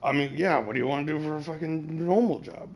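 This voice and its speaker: A man's voice: a little high, quick pace, darkish tone. A man chatting casually while streaming a game, rambling and swearing as he gives advice. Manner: profane, rambling, advice-giving.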